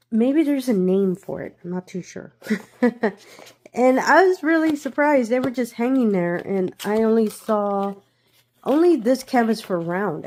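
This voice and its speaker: A woman's voice: fairly high pitch, darkish tone. A woman hosting a craft channel, talking casually through an unboxing while congested from a cold and giggling often between remarks.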